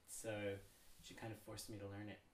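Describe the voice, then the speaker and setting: A woman co-hosting a podcast in casual chat, loud and animated as she tells stories. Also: rumbling low, normal speed. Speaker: podcast co-host. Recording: roomy studio echo.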